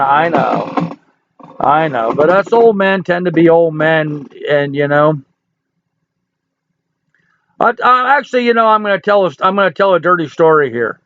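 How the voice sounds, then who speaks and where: A man's voice: on the high side, fairly bright tone, muffled recording. A man in his sixties hosting a casual livestream, reading viewer comments and answering in a folksy, joking, chatty way. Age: 60s. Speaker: livestream host.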